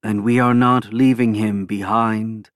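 A man voicing a calm, reassuring male alien pilot who speaks in measured, formal phrases. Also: fairly low pitch, no echo, clean studio sound, natural voice.

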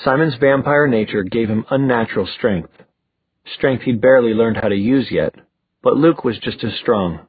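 A man reading an audiobook aloud in a steady, measured way. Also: mid-range voice, breathy edge, dry recording. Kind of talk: scripted audiobook narration. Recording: tinny phone-like dry recording.

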